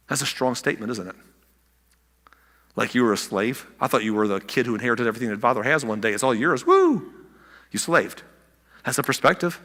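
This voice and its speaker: A man preaching a sermon as pastor, animated, acting out the people in the story with big swings in loudness. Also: mid-range voice, long reverb tail.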